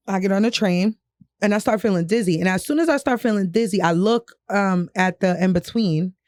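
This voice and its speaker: A woman's voice: mid-range voice, brisk, a little mellow, no room sound, clean studio sound. A young woman from New York telling a personal story on a podcast, candid and profane, often laughing. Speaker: podcast co-host. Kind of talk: casual storytelling chat.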